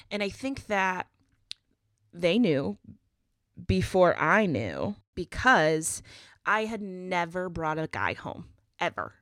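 A woman's voice: on the low side, big pitch swings, slow, a bit bright, dry recording, clean studio sound. A young adult woman hosting a podcast, telling a personal story in a chatty way with lots of fillers. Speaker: podcast host.

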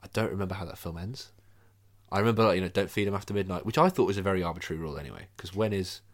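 A man's voice: low-pitched, racing. A man co-hosting a casual chat, joking and swearing freely. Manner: joking, swears freely, bursts into loud mock movie lines. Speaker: podcast co-host.

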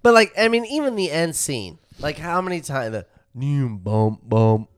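A man's voice: a little high, measured pace, clean tone, dry recording, studio quality. A man chatting casually as a podcast co-host, retelling movie scenes with laughs and acted-out lines. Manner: animated, laughing storyteller acting out movie scenes. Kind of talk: casual chat.

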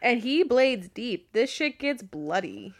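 A woman's voice: fairly high pitch, big pitch swings, slow. A woman co-hosting a casual wrestling podcast, blunt and sarcastic, who swears freely. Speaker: podcast co-host. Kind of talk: casual wrestling recap chat.

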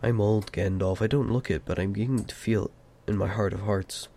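A man's voice: lowish voice, fairly even intonation, fairly quick. A man voicing an elderly male hobbit, fussy and possessive, in an amateur audiobook reading. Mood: wistful. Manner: fretful, turning sharp and clutching.

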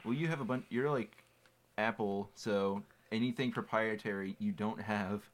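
Teen male co-host, lowish voice, jokey and laid-back banter. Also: normal speed. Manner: joking, laughs easily. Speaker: podcast co-host. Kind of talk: casual chat.

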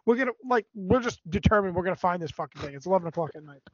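A man on a podcast telling a long story in a casual, animated way, swearing a lot. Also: sits high, rapid-fire, slightly rough, dry recording. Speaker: podcast co-host. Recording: dry, dull lo-fi recording.

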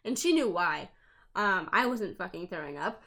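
A woman's voice: fairly low pitch, moderate pace. A woman in her twenties co-hosting a podcast, telling stories bluntly with lots of swearing. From England. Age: 20s. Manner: blunt and profane, animated storytelling. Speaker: podcast co-host. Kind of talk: casual chat.

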